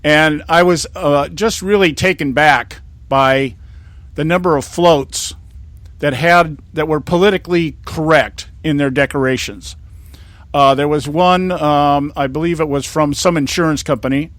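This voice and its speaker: Older man, talk show host, rambling and indignant, stops and restarts, slightly high pitch, dry recording. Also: measured pace, fairly bright tone, no echo. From California. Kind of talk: conservative talk show monologue.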